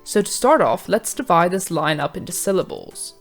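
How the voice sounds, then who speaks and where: A woman reading a scripted revision lesson in a measured, clear teaching manner. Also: fairly low pitch, very animated, faint music behind. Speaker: revision tutor. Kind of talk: scripted educational narration.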